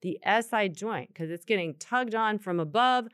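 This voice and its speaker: A woman co-hosting a yoga talk, explaining anatomy in a chatty, animated way. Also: mid-range voice, moderate pace, smooth, dry recording, clean studio sound. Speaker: yoga co-host answering questions. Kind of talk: casual podcast chat.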